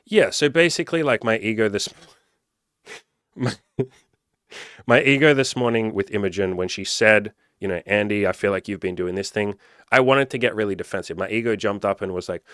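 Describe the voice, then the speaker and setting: A man's voice: fairly low pitch, moderate pace, fairly bright tone, smooth, no room sound, clean studio sound. A young adult man coaching casually, blunt and full of swearing and "like" fillers. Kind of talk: casual advice monologue.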